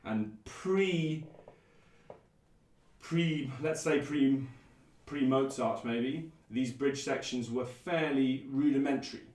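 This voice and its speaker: A man's voice: medium pitch, darkish tone. Man explaining music in a roomy echo. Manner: thoughtful, measured, with frequent ums. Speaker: musician presenter. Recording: roomy echo, mic at a distance.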